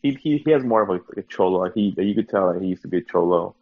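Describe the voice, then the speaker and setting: A man from the US East Coast with a low voice teases his co-hosts in quick, casual chat full of "like". His voice comes through a dull, lo-fi remote line. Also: lively intonation, no room sound. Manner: teasing, quick, lots of "like".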